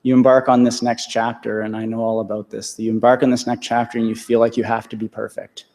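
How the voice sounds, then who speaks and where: A man's voice: mid-range voice, level tone, fast talker, a little mellow. Earnest man speaking in an echoey hall. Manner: earnest, repeats phrases for emphasis. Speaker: convocation speaker. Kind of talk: commencement speech. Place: large hall.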